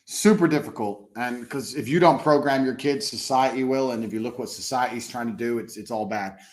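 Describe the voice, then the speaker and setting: A man as a podcast guest in casual conversation, blunt, profane and boastful, slowing down to stress points. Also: mid-range voice.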